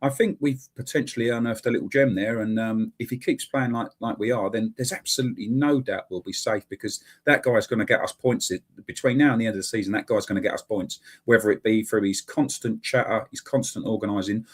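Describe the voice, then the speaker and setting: A man with a husky, rather low voice chats casually on a football podcast. He stresses his points and often repeats them. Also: steady tone, fairly quick, few pauses. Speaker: podcast co-host.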